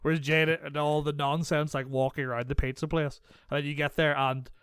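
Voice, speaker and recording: A man's voice: a little high, level tone, a little fast, fairly bright tone, clear, resonant tone, no room sound, clean studio sound. A young man co-hosting a podcast, chatting casually and animatedly, often laughing as he talks. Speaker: podcast co-host. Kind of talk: casual chat.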